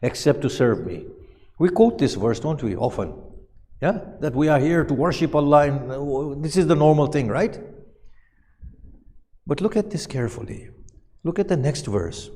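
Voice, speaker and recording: A man with a slightly high, mellow, expressive voice speaks at normal speed with long pauses in a Muharram lecture on Quranic verses. He recites and translates the verses and asks his audience questions, with long hall reverb on the recording.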